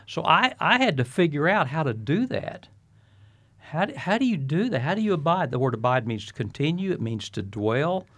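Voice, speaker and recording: A man's voice: a little high, big pitch swings, normal speed, a bit bright. An older man, a retired pastor, talking earnestly in a preacherly way as an interview guest. He often repeats his first words before finishing a thought. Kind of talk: reflective interview talk.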